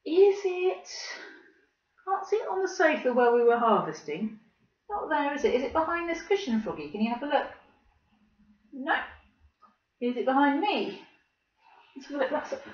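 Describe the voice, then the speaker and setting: A woman leading a children's church video for toddlers. She tells a story and runs games in a slow, exaggerated, coaxing presenter manner, recorded at home. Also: high-pitched, sing-song. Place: living room at home. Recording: roomy, distant, slightly dull home recording.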